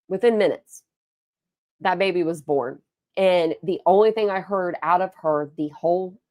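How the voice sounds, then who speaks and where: A woman's voice: lowish voice, darkish tone, no room sound, clean studio sound. A young woman hosting a livestream, telling rambling stories in a chatty, casual way and replying to her chat. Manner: rambling storytelling, chatty, reads and answers chat. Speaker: livestream host.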